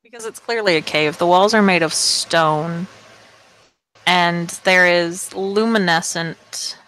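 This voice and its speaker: A woman narrating as game master of a tabletop game, slowly and deliberately describing the scene. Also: fairly low pitch, a bit bright, a little hiss or hum, poor audio.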